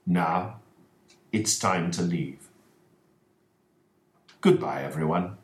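A calm, precise detective with a low voice and a slow, measured delivery, as read by a male narrator. His pitch moves expressively, and the recording sounds roomy and echoing. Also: exaggerated voice. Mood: explaining. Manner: measured explaining.

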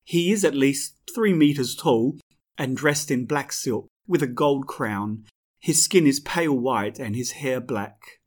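A man giving slow, clear first-person scripted audiobook narration. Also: mid-range voice.

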